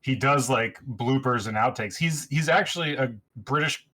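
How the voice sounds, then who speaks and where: A man's voice: medium pitch, normal speed, pushed and bright. Man explaining things in podcast chat. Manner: explains at length, matter-of-fact. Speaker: podcast co-host.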